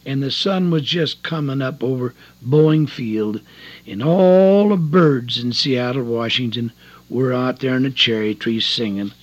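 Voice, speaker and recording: An older man, a prison evangelist, giving an earnest, folksy testimony sermon in a husky voice on a dull tape recording. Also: mid-range voice, unhurried. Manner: folksy, earnest storytelling with rising emotional emphasis.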